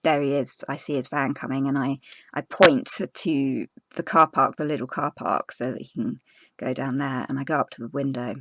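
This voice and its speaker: A woman's voice: a bass voice, steady tone, a bit bright, dry recording. Woman telling a story, dry sound. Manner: earnest, halting retelling with many fillers and restarts. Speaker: crafting vlogger. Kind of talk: casual storytelling chat.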